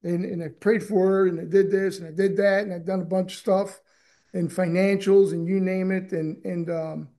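A man's voice: high-pitched, little pitch movement, moderate pace, dark tone. A middle-aged man telling his personal story at a recovery meeting, rambling and often restarting his sentences. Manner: rambling, repeats words, frequent restarts. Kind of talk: personal testimony.

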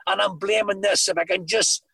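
A middle-aged man with a Northern Irish accent tells his own story to a meeting on a video call. His voice sits high for a man and has a husky edge. It sounds close and dry, and he mixes earnestness with dry jokes. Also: fairly even intonation, a little fast, bright, forceful tone, no echo, low-quality recording. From Northern Ireland. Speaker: recovery meeting speaker. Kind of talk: personal testimony on a video call.

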